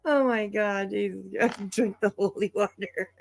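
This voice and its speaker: A woman's voice: mid-range voice, fairly even intonation, slow pace, gravelly, faint music behind. A woman hosting a livestream, reacting to clips in casual commentary, blunt and profane and laughing often. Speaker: livestream host.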